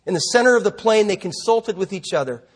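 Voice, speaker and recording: A middle-aged male pastor preaches in a relaxed, conversational way, with self-deprecating asides. He then slips into telling a vivid story. His voice is husky and sits fairly high. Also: fast. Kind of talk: sermon with storytelling.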